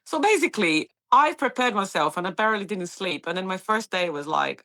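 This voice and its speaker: A Brazilian woman, Portuguese her first language, recalls her work in a bright, forward voice. She talks freely in a casual interview, acting out quoted lines and laughing easily. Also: medium pitch, a little fast. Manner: animated storyteller, acts out quoted voices, laughs often. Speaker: paramedic guest.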